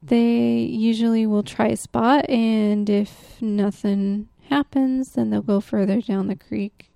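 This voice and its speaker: Slow, gravelly woman telling spooky folklore. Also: fairly high pitch, steady tone, no room sound, studio quality. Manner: drops to a hushed whisper for the spooky parts; giggly, easily laughs. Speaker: podcast co-host. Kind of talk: casual folklore storytelling.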